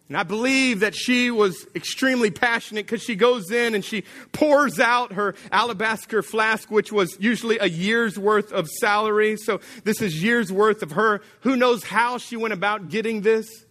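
Bright-voiced man preaching animated sermon. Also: sits high, unhurried. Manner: animated storytelling, acting out quoted voices. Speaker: pastor.

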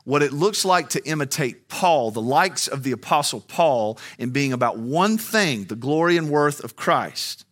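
A man's voice: fairly high pitch, expressive, unhurried, few pauses, a bit bright. A man preaching a sermon, moving from a conversational tone to fiery, soaring emphasis. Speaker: pastor.

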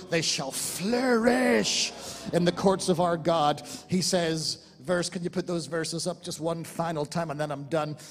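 Fervent Irish pastor preaching in a church hall. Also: male voice, sits high. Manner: fervent, swings from loud exclamations to quiet soft-spoken appeals. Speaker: lead pastor. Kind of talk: sermon.

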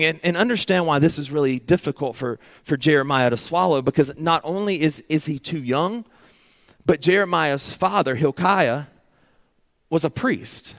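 A man's voice: fairly high pitch, moderate pace, fairly bright tone. A man preaching a sermon, earnest and dramatic, acting out pleading prayers in short repeated phrases.

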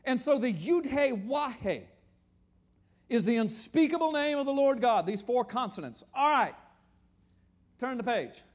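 An older man preaching a sermon, animated and joking, often asking the audience questions. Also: very high-pitched, measured pace, long pauses. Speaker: pastor. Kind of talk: sermon teaching with slides.

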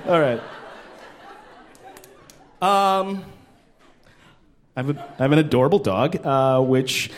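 A man in his thirties doing stand-up comedy, animated and profane, slipping into exaggerated voices. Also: on the high side, unhurried, pauses often. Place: live comedy stage.

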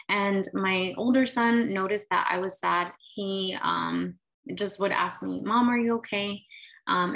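A woman's voice: medium pitch, fairly bright tone, low-quality recording. A woman in her late twenties or thirties telling a personal story in a candid, casual way, full of "like" and "right?" fillers. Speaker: vlogger sharing her story.

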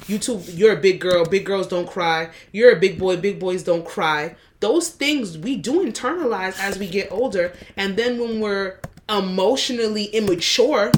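A woman's voice: mid-range voice, slight background noise. A woman co-hosting a podcast, talking earnestly and reflectively about feelings. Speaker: podcast co-host. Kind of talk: casual chat.

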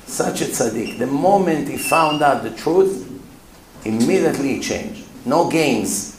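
Rabbi telling a story in an echoey hall. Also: male voice, on the high side, lively intonation, unhurried. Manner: emphatic, with non-native English phrasing. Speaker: rabbi and lecturer. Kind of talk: storytelling sermon. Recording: roomy hall with faint room noise.

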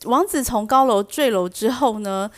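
A woman teaching vocabulary through a storybook, reading each line slowly and then translating and explaining it. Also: a little high. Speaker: English teacher. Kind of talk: bilingual storybook lesson.

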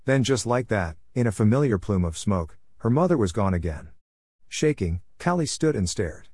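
A man narrating a novel in a measured, descriptive storytelling manner. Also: on the low side, very animated, a little mellow, breathy edge, no echo, clean studio sound. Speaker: audiobook narrator. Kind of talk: scripted narration.

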